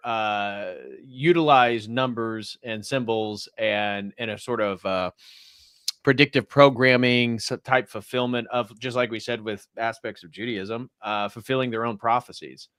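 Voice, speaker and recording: A man's voice: mid-range voice, fairly bright tone, clean tone, no echo, clean studio sound. A man hosting a religious livestream, speaking steadily and reading viewer messages aloud. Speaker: host of a religious stream. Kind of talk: livestream talk and reading donations.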